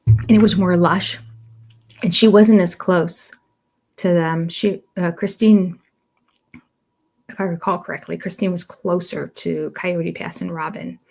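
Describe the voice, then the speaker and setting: A woman's voice: fairly even intonation, unhurried, gravelly, long pauses, darkish tone. Older woman host, casual rambling livestream chat, easy laugh. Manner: chatty, rambling, laughs often; coos in a high voice to her cats. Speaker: livestream host reviewing a reality show. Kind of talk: casual chat, reading viewer comments.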